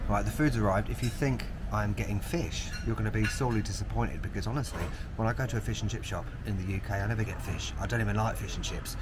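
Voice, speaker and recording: A man's voice: fairly low pitch, fast, hardly any pauses, heavy background noise. A man in his thirties from London with a London accent, chatting casually and cheekily to camera on trains, streets and in a chip shop. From London, England. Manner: chatty, cheeky, self-mocking. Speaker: travel vlogger. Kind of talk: casual vlog commentary.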